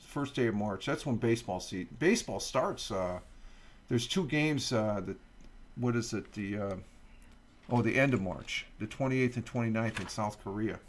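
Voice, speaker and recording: A man's voice: lowish voice, normal speed. A middle-aged man hosts a casual morning livestream from home, rambling with fillers and asides as he reads out a weather article. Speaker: livestream host. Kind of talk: casual morning stream chat.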